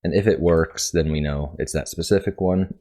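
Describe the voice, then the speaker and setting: A man with a deep, low voice talks through his project in a casual tutorial. He sounds congested and rambles, often stopping to correct himself as he thinks aloud. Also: steady tone, normal speed, warm tone. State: congested, coughing. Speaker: coding tutorial host. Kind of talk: casual screen-share coding tutorial.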